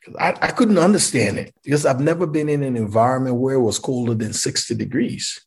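A man's voice: medium pitch, brisk, a little mellow, husky. A man from Liberia, animatedly telling a personal story and acting out the dialogue.

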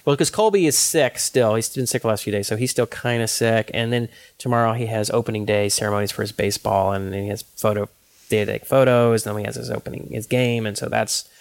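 A man's voice: lowish voice, quick pace. A man, a father of young kids, co-hosting a casual chat and telling stories, acting out the quotes in them. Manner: animated storyteller who acts out quotes. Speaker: podcast co-host.

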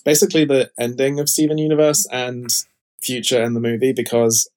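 A man's voice: mid-range voice, flat delivery, a little fast, a little mellow. A man in casual podcast chat, rambling and full of fillers as he shares opinions. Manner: chatty, rambling, frequent fillers. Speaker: podcast co-host.

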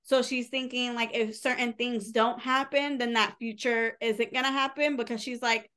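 A woman's voice: a little high, steady tone, normal speed, sharp tone, smooth. A woman co-hosting a podcast, casually retelling a novel's plot in a chatty way, full of fillers and quoted dialogue. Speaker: podcast co-host. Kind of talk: casual book recap.

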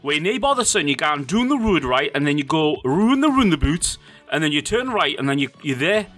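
Man playing a friendly local from northeast England, chirpy, raised pitch, bright. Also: very animated, brisk, soft background music.

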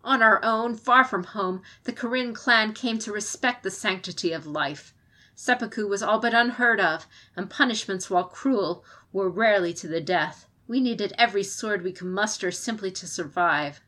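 Fierce defiant samurai woman, impassioned, forceful pleading, raised voice, audiobook role a woman reads out. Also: mid-range voice, moderate pace. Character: fierce female samurai advisor, defiant, passionate.

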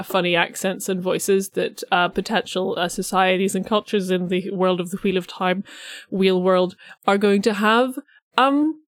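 A woman's voice: mid-range voice, no room sound, studio quality. A woman hosting a podcast who talks casually with many fillers and wraps up the show. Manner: chatty, lots of fillers. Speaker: podcast host. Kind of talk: casual chat.

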